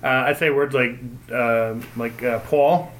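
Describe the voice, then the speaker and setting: A man's voice: medium pitch, fairly even intonation, measured pace, a bit bright, slight background noise, poor audio. A man from Cincinnati chatting casually, rambling and laughing easily. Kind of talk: casual chat.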